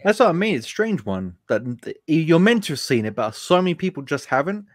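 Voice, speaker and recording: A man's voice: a little high, sing-song, fast talker, no echo. A man talks casually about films on a podcast, dropping "like" constantly and restarting his thoughts. The sound is dry and close, with no room around it. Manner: filler-heavy, says "like" constantly. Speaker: podcast panelist. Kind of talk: casual chat.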